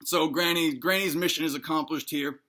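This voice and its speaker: A man rambling through an improvised comic story with a bright, forward tone. His delivery is crude and deadpan, full of restarts and asides. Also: on the high side, brisk. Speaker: comedic storyteller.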